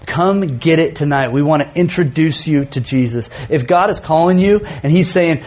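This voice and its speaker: A man in his thirties preaching a sermon to students, earnest, moving between emphatic stretches and soft, tender storytelling. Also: on the high side, normal speed. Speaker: youth pastor.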